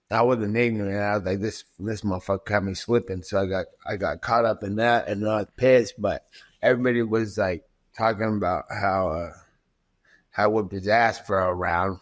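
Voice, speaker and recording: A man with a voice pitched a little low tells a story casually as a podcast guest. He swears freely and acts out what others said, stumbling over repeated words as he goes. His delivery is loose, streetwise and conversational. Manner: profane, acts out quoted dialogue with many restarts.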